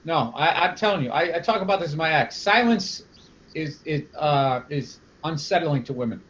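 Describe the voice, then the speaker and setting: A man's voice: on the high side, lively intonation, normal speed, fairly bright tone. A man, a comedian, chatting casually on a podcast with laid-back, wry banter. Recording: muffled lo-fi audio.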